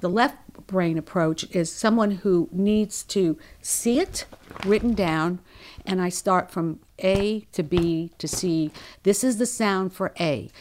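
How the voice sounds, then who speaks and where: A woman with a New Orleans accent, a dialect coach, talking in a lively, animated way in an interview. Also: on the low side, a little hiss or hum. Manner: lively, talkative, animated storytelling.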